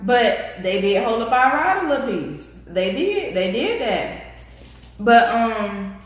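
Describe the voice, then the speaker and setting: A young woman vlogger telling a casual story, animated and slangy, speaking straight to her viewers. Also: a little high, slow. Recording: echoey room.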